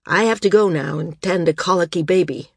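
A woman voicing an older male healer in an audiobook, speaking quietly and gravely. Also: on the low side, no echo, clean studio sound. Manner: quiet and measured. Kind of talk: audiobook character voice.

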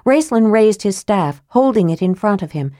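A woman reading a fantasy novel aloud as an audiobook narrator, in measured, even storytelling. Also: medium pitch, no room sound, studio quality.

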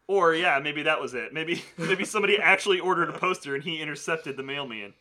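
A man's voice: on the high side, a little fast, bright, forceful tone. A man co-hosting a casual movie chat podcast, swearing freely and laughing often. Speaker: podcast co-host.

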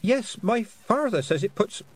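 A man's voice: high voice, very animated, measured pace, husky, dry recording, pitched above the performer's own voice, exaggerated voice. A man doing a weary, sensible young girl. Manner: weary, matter-of-fact. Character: sensible, plain-spoken farm girl.

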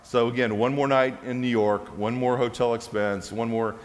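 A man telling a personal testimony during a church service, animated and laughing at his own story. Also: mid-range voice, moderate pace. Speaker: preacher sharing a testimony. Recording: long hall reverb.

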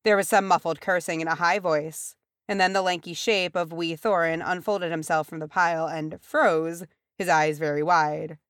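Low-voiced woman narrating a story. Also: steady tone, normal speed, smooth, dry recording, clean studio sound. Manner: voices characters with pitch shifts. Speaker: audiobook reader. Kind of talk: fan fiction audiobook narration.

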